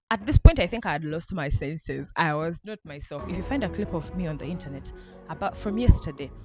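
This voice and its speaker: A woman vlogger from Uganda excitedly retelling a night out, laughing often as she talks. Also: deep voice, no echo, studio quality. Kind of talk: casual storytelling vlog.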